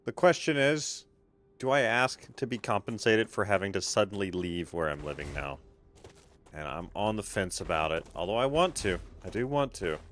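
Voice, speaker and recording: A man's voice: fairly low pitch, lively intonation, moderate pace, fairly bright tone, slight background noise. A man, streaming a game and chatting casually with viewers, laid-back and swearing freely, often trailing off. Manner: chats with viewers by name. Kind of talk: casual live-stream chat while gaming.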